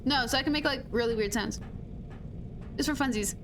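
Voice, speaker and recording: A woman's voice: high voice, a little fast. A young adult woman streaming a game, chatting casually and playfully with her viewers. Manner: playful, giggly, chatty with chat. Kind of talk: casual live-stream chat. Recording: noisy stream audio.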